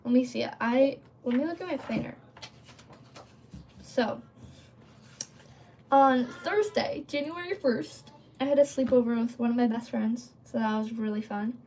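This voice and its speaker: A woman's voice: on the high side, a little slow, pauses often, a little mellow, a little hiss or hum. A woman hosting a casual livestream, rambling with lots of fillers and breaking off to read and answer chat. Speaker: livestream host.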